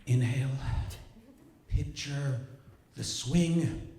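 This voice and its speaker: A man voicing his intense mother as she coaches her young son in a hushed, urgent way. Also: mid-range voice, extremely slow, a little hiss or hum. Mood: urgent coaching. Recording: roomy hall sound.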